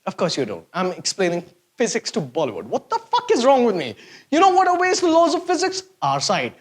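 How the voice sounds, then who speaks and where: A man's voice: sits high, huge pitch swings, a little fast. A man hosting a sarcastic, mocking comedy rant to camera. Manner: sarcastic, mocking, exaggerated swings of voice. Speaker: host.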